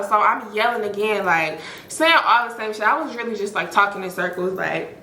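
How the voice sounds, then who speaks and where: A woman hosting a storytime, telling a story in an animated, profane way and acting out what people said. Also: a little high, moderate pace, echoey room. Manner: animated, profane, acts out quoted lines. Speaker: storytime host. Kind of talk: casual storytelling.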